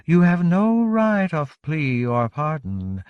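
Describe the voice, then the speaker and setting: An ancient, cold water nymph voiced by a man speaks slowly and resoundingly, stretching each word. She is not harsh, only inevitable. The reading is close and dry, as in a recording booth. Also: fairly high pitch, sing-song, smooth, no room sound, muffled recording, voice pushed up. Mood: solemn.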